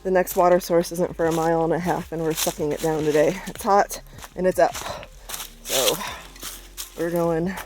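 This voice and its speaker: A woman's voice: on the low side, fairly even intonation, normal speed, noisy background. A young woman vlogging on a mountain trail with a handheld camera, chatty and laughing often, sometimes out of breath as she talks to her dog and friends. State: out of breath at times. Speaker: hiking vlogger. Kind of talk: casual trail vlog.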